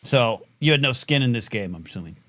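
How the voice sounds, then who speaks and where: A man's voice: medium pitch, lively intonation, fast, bright, forceful tone. A middle-aged man hosting a live call-in talk show, telling rambling stories with lots of fillers and restarts.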